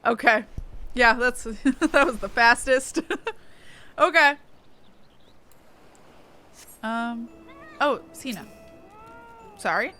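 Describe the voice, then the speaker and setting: A woman's voice: a little high, very slow, pauses often, sharp tone, faint music behind. A woman streamer making wry, joking asides while she plays a video game. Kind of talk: casual gameplay commentary.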